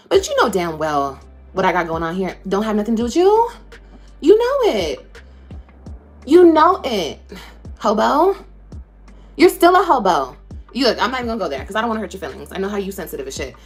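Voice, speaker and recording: Husky woman ranting, swinging pitch. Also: sing-song, fast talker, soft background music. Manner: confrontational, profane, sarcastic. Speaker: social media creator. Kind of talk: ranting to camera.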